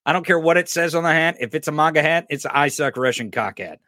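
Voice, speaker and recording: A man's voice: a little high, steady tone, quick pace, bright, forceful tone, no echo, studio quality. A man hosting a podcast, giving crude, mocking political commentary and swearing constantly. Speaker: podcast host. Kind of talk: profane political commentary over clips.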